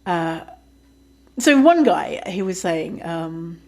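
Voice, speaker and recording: A woman's voice: on the low side, sing-song, slow pace, a little mellow. A woman hosting a podcast, telling a story in a casual, chatty way, swearing freely and often laughing. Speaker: podcast host.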